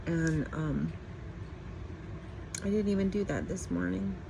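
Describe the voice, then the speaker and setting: A woman's voice: on the low side, slow, creaky, noisy background. A middle-aged woman chatting casually at home in a morning vlog, rambling and laughing often. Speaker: vlogger.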